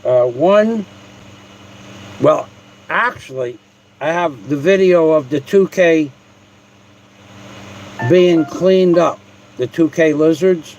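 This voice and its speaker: A man's voice: on the high side, slow pace, pauses often, darkish tone, lo-fi sound, slight background noise. A man hosting a livestream at home, talking in a mocking, profane, rambling way with restarts. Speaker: livestream host. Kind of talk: casual livestream rant.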